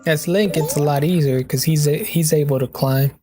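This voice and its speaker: A man's voice: a little high, normal speed, dark tone, faint music behind. Rambling man narrating his gameplay. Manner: rambling, joking storyteller. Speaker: gaming video host. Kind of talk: casual gameplay commentary.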